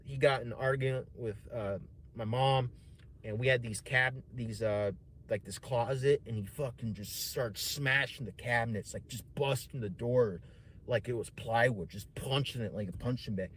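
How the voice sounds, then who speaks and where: Man, streamer, casual storytelling, rambling, profane, mid-pitched voice, faint room hum. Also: moderate pace, fairly bright tone.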